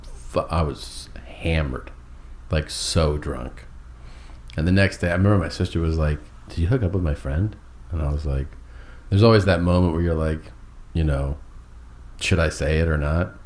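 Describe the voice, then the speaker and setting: A man's voice: rumbling low, moderate pace, long pauses, darkish tone. A man telling a long, rambling, profane story in casual chat, acting out every quote.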